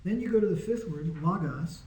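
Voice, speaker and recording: A man's voice: sits high, lively intonation, brisk, a little mellow. A man teaching a small Greek class in a casual, patient way, often checking that his students follow. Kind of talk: informal classroom lesson. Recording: echoey room.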